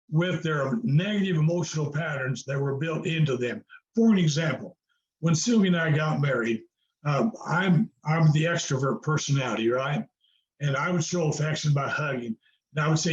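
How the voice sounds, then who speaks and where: An older man appears as a guest on a video call, speaking at a normal pace in a slightly high voice. He earnestly tells his story with a preacherly flavor, leaning on fillers and repetition. The audio is roomy and dull, typical of a video call.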